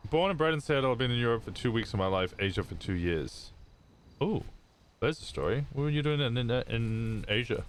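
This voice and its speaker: A man's voice: medium pitch, expressive, fairly quick, a little hiss or hum. A male streamer chatting casually out of character during a role-play stream, curious and swearing freely, often trailing off mid-sentence.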